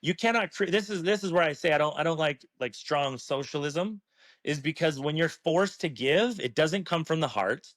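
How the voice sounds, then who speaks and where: A man's voice: on the high side, expressive, moderate pace, a bit bright, no room sound. A man talking as an interview guest, earnest and emphatic, swearing freely as he makes his case. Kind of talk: passionate casual talk.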